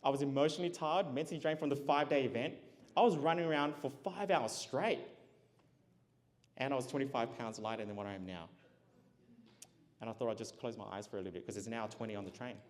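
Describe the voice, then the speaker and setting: A man giving a motivational keynote, telling a personal story with lively acted-out dialogue and frequent laughs. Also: medium pitch, quick pace, pauses often. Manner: animated, acts out dialogue, laughs often. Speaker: keynote speaker. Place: large event hall. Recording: long hall reverb.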